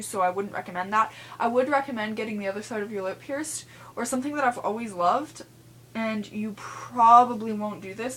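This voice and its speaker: A woman's voice: on the high side, fairly bright tone. A young woman rambling frankly in a casual vlog, full of fillers and blunt asides. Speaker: vlogger.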